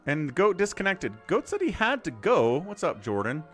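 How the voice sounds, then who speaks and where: Animated man from casting games live. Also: a little high, moderate pace, faint music behind. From Utah, USA. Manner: chatty and animated, answers chat between play calls, jokey. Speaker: streamer and game caster. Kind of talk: live game commentary chatting with viewers.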